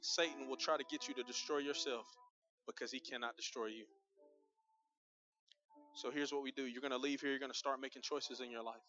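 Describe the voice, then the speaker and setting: A man's voice: mid-range voice, pushed and bright, dull audio. A male pastor preaching a sermon in a conversational, humorous storytelling manner, speaking directly to his congregation.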